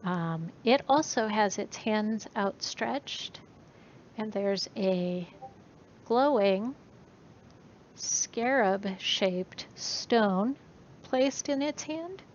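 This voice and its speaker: A woman narrating as game master of a tabletop game, unhurried and using many fillers. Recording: muffled recording with faint rumble.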